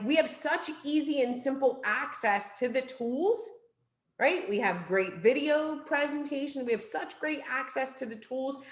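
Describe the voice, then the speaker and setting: An upbeat woman with a New Jersey accent leads a sales training session in a chatty, animated way. Her voice sits a little high and rings in an echoey room. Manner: upbeat, chatty, keeps asking "right?". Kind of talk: weekly training talk.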